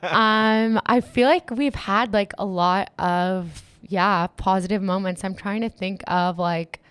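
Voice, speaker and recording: A woman's voice: medium pitch, slow, smooth, dry recording. A young woman who organizes events and manages DJs, chatting in an interview and peppering her talk with "like.". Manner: chatty, lots of "like" fillers, excitable. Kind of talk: casual interview chat. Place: Miami.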